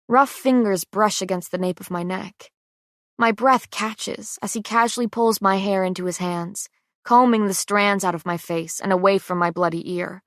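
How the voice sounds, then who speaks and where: A woman giving measured, scripted first-person narration of a fantasy romance audiobook. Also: mid-range voice, fairly bright tone, dry recording, clean studio sound.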